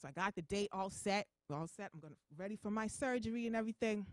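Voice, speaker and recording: A woman comedian tells her stand-up bit at a fast, tumbling pace, acting out her own reactions as she goes. Her voice is close and dry on the mic, with no echo. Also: mid-range voice. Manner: quick, animated storytelling.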